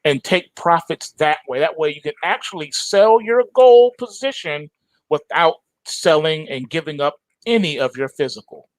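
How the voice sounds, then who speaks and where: A man hosting a trading show, explaining markets in an animated, casual way. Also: on the high side, normal speed, dry recording. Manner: animated, storytelling.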